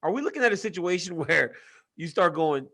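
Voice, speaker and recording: A man with a fairly high voice co-hosts a casual sports chat over a video call. He talks in an animated, teasing way and breaks into laughter often. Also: brisk. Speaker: co-host and fight analyst.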